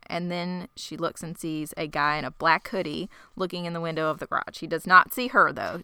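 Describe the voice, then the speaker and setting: A woman co-host tells a story in a relaxed, conversational way. Her voice is crisp, bright and slightly low. The recording is dry and close, with no room echo. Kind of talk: casual chat recapping a story.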